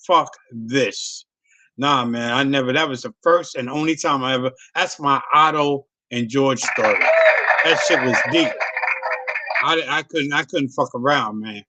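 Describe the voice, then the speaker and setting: A man's voice: mid-range voice, normal speed, bright, forceful tone. A middle-aged man, a comedian, telling a long profane story in a loose, rambling way. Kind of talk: casual storytelling on a video call.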